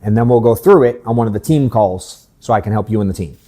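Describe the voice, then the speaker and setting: A man's voice: on the low side, fast talker, dark tone. A man in his thirties, a sales coach hosting a workshop in his office, talking bluntly and candidly and swearing casually.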